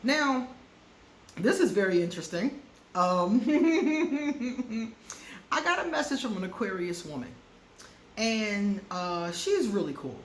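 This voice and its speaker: A woman's voice: medium pitch, animated, measured pace, a bit bright. A woman giving frank relationship advice to her viewers in a casual chat, laughing often and repeating words for emphasis. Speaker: astrology advice vlogger. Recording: roomy echo with faint background noise.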